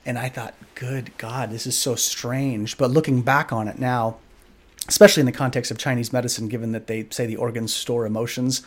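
A man's voice: mid-range voice, fairly even intonation, quick pace. A man hosting a podcast, telling a candid personal story in an earnest, reflective way and leaning on lots of filler "like"s. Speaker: podcast host.

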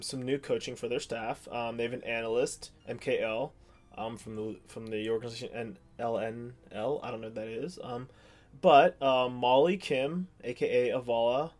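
Faint music plays under a young man's darkish, medium-pitched voice as he co-hosts a podcast at a moderate pace. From the Pittsburgh area, he rambles casually, often saying um and starting sentences over.

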